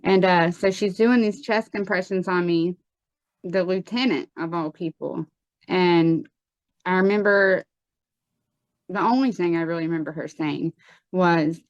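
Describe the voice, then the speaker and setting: A woman giving a personal testimony in an interview, earnest and halting, with frequent pauses and restarts. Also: fairly low pitch, no echo, lo-fi sound. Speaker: guest telling her life story.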